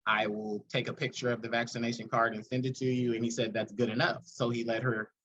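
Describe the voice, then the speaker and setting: A man's voice: mid-range voice, brisk, muffled recording, slight background noise. A man hosting a podcast in casual chat, telling a story earnestly and acting out the people in it. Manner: storytelling, earnest, animated retellings. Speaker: podcast host.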